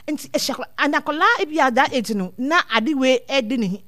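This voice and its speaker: A woman with a high, bright-pitched voice talks earnestly as a guest speaker, often circling back over her words. The sound is dry and close, with no room around it. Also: a little fast, no echo. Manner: earnest, repeats words as she thinks. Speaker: guest speaker on child welfare. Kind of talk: casual advice talk mixing two languages.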